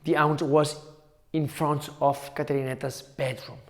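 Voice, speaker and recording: A male teacher telling a folk tale to schoolchildren, slow and repetitive with dramatic pauses. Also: fairly high pitch, level tone. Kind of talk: storytelling for children.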